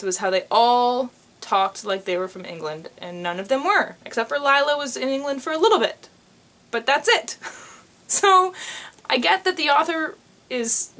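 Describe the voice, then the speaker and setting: A woman's voice: fairly high pitch, a bit bright. A woman from North America giving a casual, chatty book review to camera, talking expressively with frequent ums. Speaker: book vlogger.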